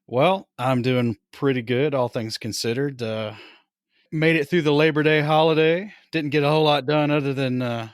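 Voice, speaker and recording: A man's voice: on the high side, moderate pace, no room sound. Laid-back dry-humored male podcast host. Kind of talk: casual hobby podcast chat.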